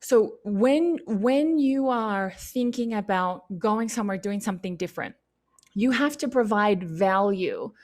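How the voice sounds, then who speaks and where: A woman speaking at a youth leadership session, answering questions in an animated, chatty and encouraging way. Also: mid-range voice, a little slow. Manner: animated, chatty, lots of "like" and "you know"; encouraging and upbeat.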